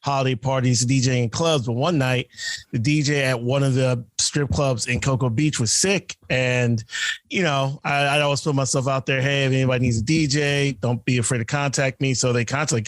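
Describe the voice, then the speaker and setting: A man's voice: mid-range voice, steady tone, normal speed, no room sound. Rambling male co-host on a call. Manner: rambling, full of fillers and quoted dialogue. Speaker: podcast co-host. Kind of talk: casual storytelling. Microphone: remote video call.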